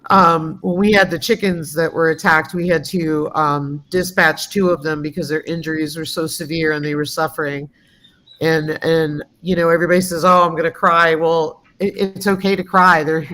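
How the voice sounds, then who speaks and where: A woman's voice: lowish voice, fairly bright tone. A woman co-hosting a farm livestream, chatting casually and telling stories with an easy, talkative manner. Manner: chatty, storytelling with laughs. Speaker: livestream co-host. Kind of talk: casual chat. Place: home farm.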